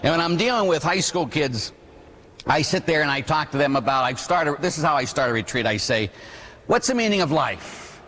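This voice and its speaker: A middle-aged man, a Catholic priest, preaching a sermon in an animated way, asking rhetorical questions and acting out voices. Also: on the high side, brisk. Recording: long reverb of a large hall.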